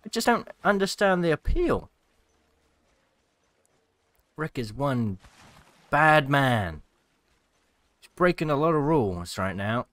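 Animated male gaming commentator. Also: a little high, slow pace, long pauses, dry recording. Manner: animated, cheering at the screen and mocking players. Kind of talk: casual gameplay commentary.

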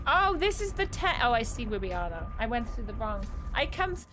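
A woman's voice: a little high, sing-song, brisk, over music. A young woman chatting casually while streaming a game, thanking viewers by name and laughing at her own confusion. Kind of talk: casual live-stream chat while playing.

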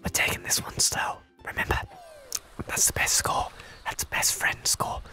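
A man's voice: moderate pace, pushed and bright, soft background music. A young man co-hosting a gaming video, whispering playful ASMR-style chat and repeating soothing phrases in jest. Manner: playful, repetitive, mock-soothing.

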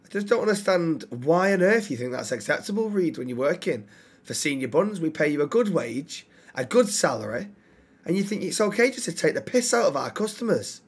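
Brief: male streamer, animated, sweary, voice a touch high. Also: fairly quick, slightly rough. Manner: animated, swearing, mock-stern. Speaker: roleplay streamer and restaurant manager. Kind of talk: live-streamed game roleplay.

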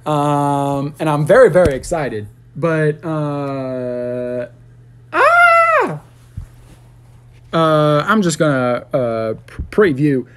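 A man's voice: fairly high pitch, slow, few pauses, clean tone. Rambling, profane man ranting on a livestream. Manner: rambling, profane, with sudden squealing outbursts. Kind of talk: casual livestream rant.

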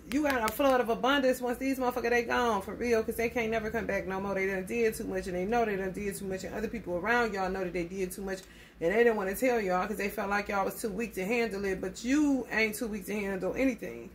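A woman's voice: medium pitch, fairly even intonation, quick pace, a little hiss or hum. A woman giving a casual tarot reading, blunt and profane, calling her listeners honey. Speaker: tarot reader.

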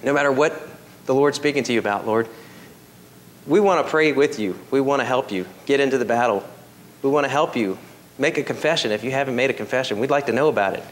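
A man preaching a sermon as pastor, swinging from emphatic high peaks to soft, quiet appeals. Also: fast, a little hiss or hum.

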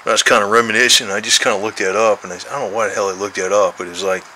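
A man's voice: lowish voice, fairly even intonation, racing, pushed and bright, slight background noise, low-quality recording. A man in his sixties rambling casually and cursing freely while coaxing his cat outdoors. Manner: meandering, profane, coaxing talk to the cat. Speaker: vlogger, cat owner.

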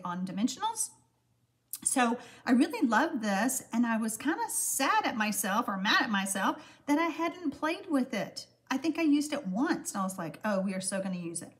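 A woman in her sixties hosting a live-stream craft demonstration, chatty and friendly, with lots of "um" fillers. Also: on the high side. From Texas, USA. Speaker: card-making host.

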